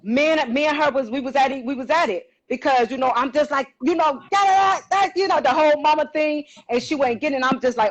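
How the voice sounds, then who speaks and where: A woman's voice: high voice, fast talker, hardly any pauses, lo-fi sound. A middle-aged woman co-hosting a podcast, telling a story in casual chat and acting out the quotes. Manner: animated, acts out quotes, exclaims. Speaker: podcast co-host.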